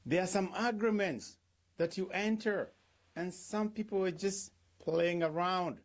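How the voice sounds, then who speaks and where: A man's voice: high voice, unhurried. A middle-aged man speaking as a pastor in a devotional talk. He asks his listeners rhetorical questions and acts out the things people say.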